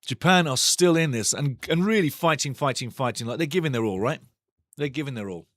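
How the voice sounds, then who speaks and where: A man hosting a live football watchalong, calling the match excitedly and reading chat messages aloud. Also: medium pitch, brisk, no echo, studio quality. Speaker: watchalong host. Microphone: studio mic.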